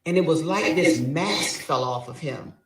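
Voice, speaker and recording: A woman's voice: sits low, measured pace, a bit bright, very echoey, recorded from a distance, rough recording. A woman telling a story dramatically, acting out both sides of a quarrel. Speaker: guest telling her story. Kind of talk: animated storytelling.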